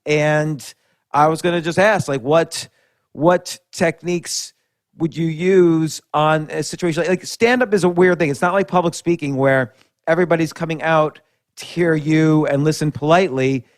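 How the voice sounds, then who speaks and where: A man hosting a podcast interview, speaking in a reflective, halting way with frequent restarts. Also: a little high, fairly even intonation, dry recording, clean studio sound. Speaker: podcast host. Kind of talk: casual conversational interview.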